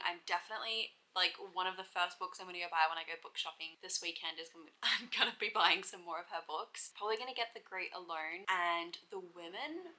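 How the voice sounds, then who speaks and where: A woman's voice: lowish voice, bright, forceful tone, low-quality recording. A young woman chatting casually at home in a reading vlog, rambling and emotional, with lots of filler words. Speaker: book vlogger.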